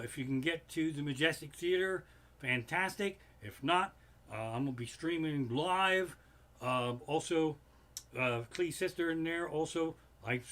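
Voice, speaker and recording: A man, a comedian hosting a livestream from his living room, telling a rambling, profane monologue with sudden loud outbursts. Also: a little high. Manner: swears constantly, rants with sudden loud outbursts. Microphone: home streaming setup.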